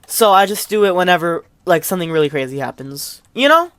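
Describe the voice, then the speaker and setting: A woman's voice: on the low side, sing-song, fairly quick, no room sound. Exasperated woman ranting a gaming story. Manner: exasperated, rambling, trails off quietly. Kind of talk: casual storytime rant.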